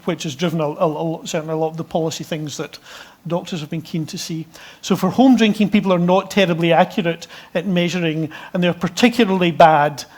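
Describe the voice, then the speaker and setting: A middle-aged man from Scotland presents findings to a meeting of experts in a slightly raised voice. He keeps stopping to restart his phrases and fills the gaps with ums, but his explanations stay dry and measured. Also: a little high. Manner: hesitant, many restarts and fillers. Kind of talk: conference presentation.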